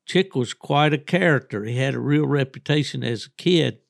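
Gravelly older storyteller. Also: male voice, medium pitch, moderate pace, no echo, clean studio sound. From Southern West Virginia. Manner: folksy, rambling storyteller who laughs often. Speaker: podcast host. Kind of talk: casual storytelling chat.

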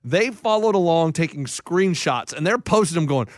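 A man with a high voice tells a rambling, funny story in casual banter and acts out the quotes as he goes. The sound is dry and close, with no room around it. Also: animated, moderate pace, dry recording. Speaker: podcast co-host.

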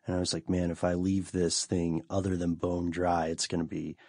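Low-voiced man in rambling podcast chat. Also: little pitch movement, normal speed, a little mellow, dry recording, clean studio sound. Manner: rambling, self-deprecating, jokey asides. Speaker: podcast co-host. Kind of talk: casual chat.

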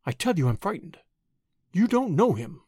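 A man voicing a frightened, secretive older beauty who speaks hoarsely, soft and dangerous in a storybook reading. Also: high-pitched, big pitch swings, normal speed, no room sound, clean studio sound, heavily acted. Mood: fearful, menacing.

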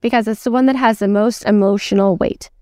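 A woman's voice: medium pitch, steady tone, brisk, warm tone, clean tone, no room sound, clean studio sound. A woman sales coach teaching emphatically in a chatty way, checking in often with her listeners. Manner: emphatic, chatty, lots of "like" and "okay?". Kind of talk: teaching lesson.

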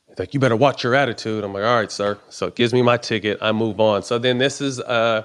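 A man's voice: medium pitch, fairly even intonation, quick pace, fairly bright tone. A man telling a personal story in casual, profane talk, acting out both sides of the conversations he recounts. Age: adult. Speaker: professional basketball player.

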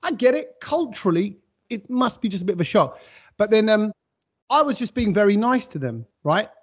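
A man tells stories in a casual podcast chat, acting out what people said. His voice sits high, and the sound is a little muffled. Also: fairly quick, breathy edge. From England. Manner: animated storyteller, acting out quotes. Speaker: podcast co-host.

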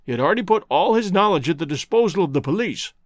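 Grieving colonel, fifties, earnest and halting, as a reader puts him on. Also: male voice, high voice, expressive, no room sound, studio quality. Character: grieving tall middle-aged colonel, shaken.

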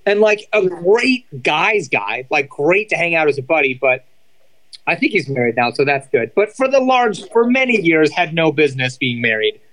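A man in his thirties tells stories as a guest on a casual show. His voice sits a little high, and his delivery is animated and loose. He keeps slipping into quoted voices and fillers. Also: moderate pace, rough recording. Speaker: podcast guest, former reality dating show contestant. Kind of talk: casual storytelling chat.

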